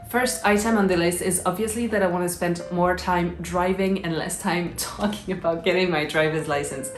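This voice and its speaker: A woman's voice: fairly low pitch, steady tone, normal speed, soft background music. Upbeat French-accented woman, roomy sound. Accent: French, shifting between British and American. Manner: upbeat and chatty, with frequent restarts. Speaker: illustrator and YouTuber. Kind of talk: casual chat to camera.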